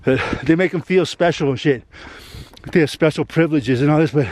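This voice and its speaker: A man with a fairly high voice talks in a loose, rambling vent, swearing constantly and tacking "man" onto his phrases. The sound is dry and close, with little room around it. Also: a little fast, a little mellow, no room sound. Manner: rambling, heavily profane, fillers of "man". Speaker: YouTuber. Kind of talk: venting vlog monologue.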